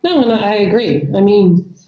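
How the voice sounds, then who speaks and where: A middle-aged woman guesting on a podcast chats casually in an animated, mid-range voice at a moderate pace, rambling and restarting often. Her remote audio sounds echoey and dull.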